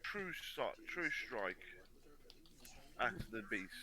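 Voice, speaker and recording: Laid-back man player, lively pitch. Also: takes it slowly. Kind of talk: tabletop game chat.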